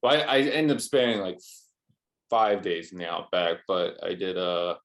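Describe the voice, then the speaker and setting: Low-voiced man telling a travel story. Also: expressive, normal speed, a bit bright. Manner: rambling storyteller, many restarts and fillers. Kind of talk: casual chat.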